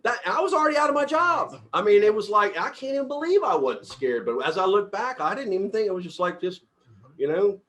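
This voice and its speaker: A man's voice: high voice, a little fast. A middle-aged man leading a team meeting as company CEO, giving a casual motivational talk and acting out the dialogue in his personal stories with upbeat energy. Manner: upbeat, animated storyteller who acts out dialogue.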